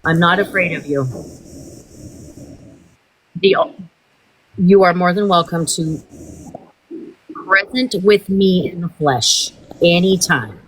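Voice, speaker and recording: A woman's voice: on the low side, slow, long pauses, husky. A woman hosting a livestream, in a heated, profane and rambling rant. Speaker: livestream host.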